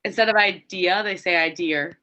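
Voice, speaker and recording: A woman's voice: mid-range voice, moderate pace, pushed and bright, dull audio. A young woman from Minnesota, a hockey player guest on a podcast, telling stories in a chatty way with frequent laughter. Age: young adult. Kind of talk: casual podcast interview.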